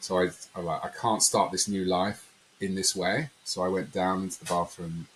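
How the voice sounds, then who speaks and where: A man's voice: deep voice, normal speed, a little hiss or hum, low-quality recording. A man telling a personal story in a conversational interview, rambling and acting out quotes. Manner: rambling, animated storyteller who acts out quotes. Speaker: podcast guest.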